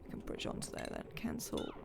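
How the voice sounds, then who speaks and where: A woman's voice: a little fast, background noise. A woman, chatting and rambling to herself as she plays a game on a live stream. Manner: chatty, rambling self-talk while playing.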